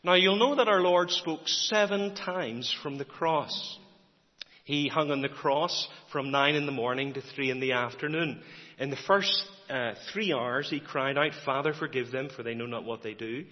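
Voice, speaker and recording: A man preaching a sermon, measured and dramatic, pausing often and repeating key refrains. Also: mid-range voice. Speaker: pastor. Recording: dull lo-fi recording with long hall reverb.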